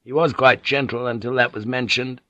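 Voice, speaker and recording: A man's voice: mid-range voice, steady tone, normal speed, pushed and bright, dry recording, voice pushed up, natural voice. A man voicing an anxious young samurai officer in an audiobook, brusque and commanding. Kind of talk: audiobook character reading.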